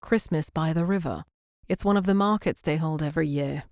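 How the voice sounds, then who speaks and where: A woman voicing an earnest, opinionated young Englishman with a British accent, talking with passion and a slightly gruff edge. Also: low-pitched, fairly quick, a little mellow, no echo, studio quality. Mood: friendly.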